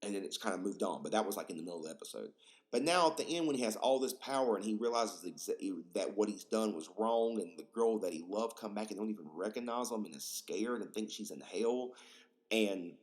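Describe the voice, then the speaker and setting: A young man hosting a casual solo podcast, rambling and profane, excitable and full of fillers. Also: on the low side, a little fast. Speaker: podcast host.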